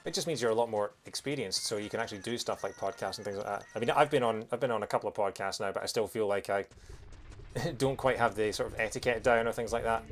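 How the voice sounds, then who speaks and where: A man's voice: fairly low pitch, quick pace. A young man with a strong accent, chatting casually and hesitantly while streaming a game. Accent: strong non-American accent, from outside America. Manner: hesitant, with fillers and restarts, self-deprecating. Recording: music playing behind.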